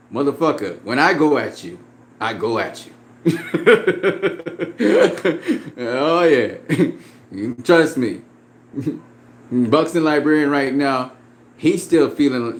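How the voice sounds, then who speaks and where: A man in a profane, confrontational casual rant about boxing, laughing often as he talks back at a critic. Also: mid-range voice. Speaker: boxing commentator.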